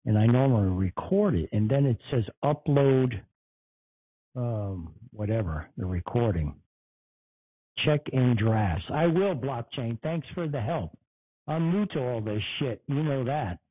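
A man's voice: medium pitch, lively intonation, a little slow, slightly rough, no echo, narrow, tinny audio. A man hosting a casual podcast, angry and profane, mocking and swearing. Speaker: podcast host. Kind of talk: casual profane livestream rant.

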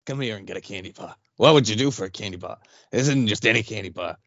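A man putting on a creepy, sleazy voice, low and quick. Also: vocal fry, a bit bright, dry recording, muffled recording.

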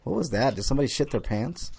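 A man's voice: medium pitch, lively intonation, quick pace, gravelly, very noisy. A man hosting a casual gaming podcast, loose and joking, swearing freely and laughing often. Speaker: podcast host.

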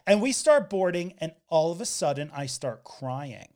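High-voiced man telling candid stories. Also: very animated, normal speed, a little mellow. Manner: candid, wry storytelling with quoted voices. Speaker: podcast host. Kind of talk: casual podcast conversation.

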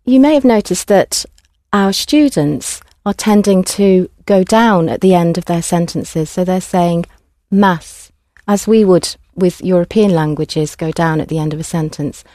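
A woman language teacher who talks her class through each sentence with clear, patient prompts. Her voice sits slightly low and sounds mellow, and the recording is dry and close. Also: moderate pace, dry recording. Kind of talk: classroom instruction.

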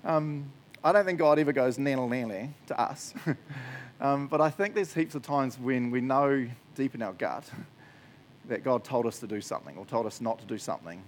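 Laid-back kiwi guy preaching, jokey, laughs a lot, faint rumble behind. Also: normal speed. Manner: chatty, jokey, laughs often. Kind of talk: casual sermon.

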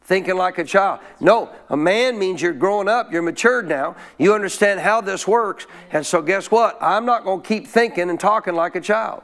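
Preaching in church with few pauses, a pastor reads verses and draws spoken answers from his congregation through call-and-response questions. His voice sits high and a bit bright, at a moderate pace.

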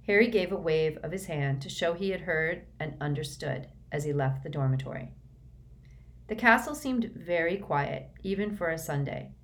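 Low-voiced woman reading a storybook. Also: animated, moderate pace. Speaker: audiobook reader. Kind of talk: storybook narration.

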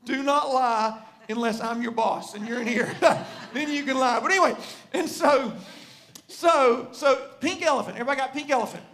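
A man's voice: very high voice, moderate pace, a bit bright. A man preaching a sermon to a live congregation, conversational and full of questions to his listeners. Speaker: pastor. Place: church sanctuary before a congregation.

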